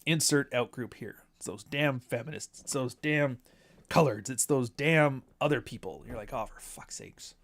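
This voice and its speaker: A man's voice: medium pitch, moderate pace. Blunt, sarcastic man livestreaming. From Canada. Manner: blunt, sarcastic, laughing at his own jokes. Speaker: commentary streamer. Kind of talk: casual livestream commentary.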